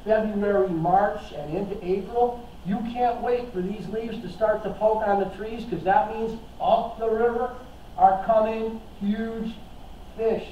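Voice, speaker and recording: A man's voice: high-pitched, steady tone, a little slow, heavy reverb. Enthusiastic male history lecturer, casual and rambling; distant, dull room recording with faint hiss. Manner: enthusiastic, chatty, talks with fillers and restarts.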